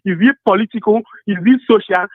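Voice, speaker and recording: A man's voice: sits high, fairly quick, no echo. A man calling into a radio show, earnest and admiring, addressing the host as "sir". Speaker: radio caller. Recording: tinny dry phone line.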